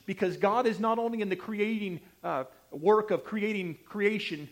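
A man preaching a sermon, emphatic and repetitive, with sharp swings between loud and soft delivery. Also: high-pitched, normal speed. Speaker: pastor.

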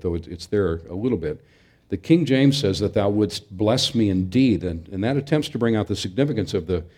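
A man's voice: fairly low pitch, dark tone. A middle-aged man preaching a sermon in an earnest, emphatic way, sometimes restarting his phrases. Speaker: pastor.

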